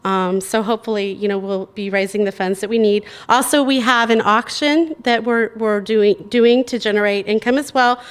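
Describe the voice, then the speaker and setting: A woman's voice: mid-range voice, fairly even intonation, moderate pace, few pauses, clean tone. A woman hosting a live awards evening, chatty with many fillers and frequent laughs. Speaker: awards host and group organizer. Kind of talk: live event speech. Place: event hall in New York.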